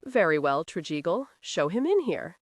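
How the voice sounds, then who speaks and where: A woman's voice: fairly low pitch, big pitch swings, moderate pace, no echo. A woman voicing a brooding, short-tempered young nobleman who talks in a curt, commanding way in an audiobook.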